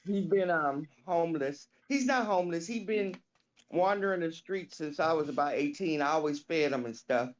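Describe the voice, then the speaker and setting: A woman co-hosting a podcast, telling a story in a chatty, animated way, with lively acted-out voices. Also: sits low, moderate pace. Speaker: podcast co-host. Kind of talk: casual storytelling.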